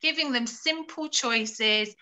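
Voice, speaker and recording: Woman, fairly high voice, encouraging parent advice, live Q&A. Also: takes it slowly, bright, forceful tone, rough recording. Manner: encouraging, acts out phrases to children. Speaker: early years family support worker.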